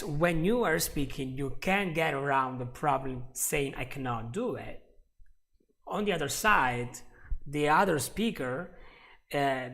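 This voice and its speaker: A man's voice: on the high side, a bit bright. A man teaching English on a live stream, explaining step by step and chatting with viewers. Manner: explanatory, repeats words, chats with viewers.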